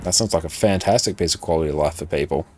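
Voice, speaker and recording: A man chatting casually with his viewers while he plays, relaxed and reacting to their messages. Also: a bass voice, quick pace, faint music behind. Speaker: game streamer. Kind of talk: casual live-stream chat.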